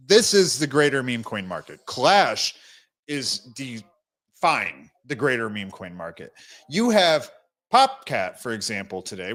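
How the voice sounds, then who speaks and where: A man's voice: mid-range voice, fairly bright tone. A young man hosting a casual crypto livestream, talking bluntly and rambling with many restarts, fighting the hiccups and short of breath.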